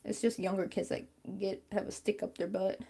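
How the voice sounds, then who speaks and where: A woman's voice: mid-range voice, little pitch movement, brisk, vocal fry, mellow. A woman chatting casually and rambling with many fillers while she crochets on a stream.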